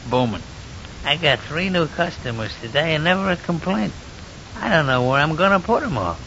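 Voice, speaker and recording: A folksy, joking morgue attendant. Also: male voice, a little high, animated, moderate pace, pushed and bright. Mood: cheerful. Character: chatty morgue attendant, male, cheerfully morbid. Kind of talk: 1940s radio acting. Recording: dull, noisy old radio recording.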